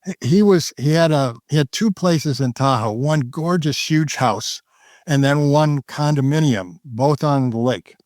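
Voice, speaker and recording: A man's voice: a little high, a little slow, a little mellow, no echo, clean studio sound. An older man, a trader guest, telling a story in a casual, rambling way with many restarts and fillers.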